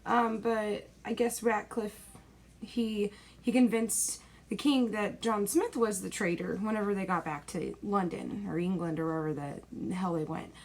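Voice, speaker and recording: A woman's voice: medium pitch, measured pace, a little mellow. A young woman in a rambling, exasperated movie-review rant, packed with fillers and dismissive asides, recorded at home.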